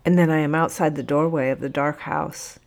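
A woman narrating a first-person audiobook in a measured, emotional storytelling manner. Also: deep voice, fairly even intonation, gravelly.

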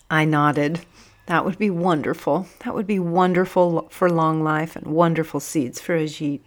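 Low-voiced woman narrating an audiobook. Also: steady tone, normal speed. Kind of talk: first-person storytelling narration.

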